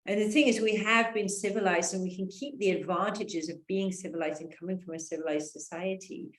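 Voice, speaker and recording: A woman's voice: fairly even intonation, brisk. Rambling woman in an echoey room. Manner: rambling, full of "you know" and "like" fillers; acts out quoted voices with raised pitch. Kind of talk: casual conversational talk.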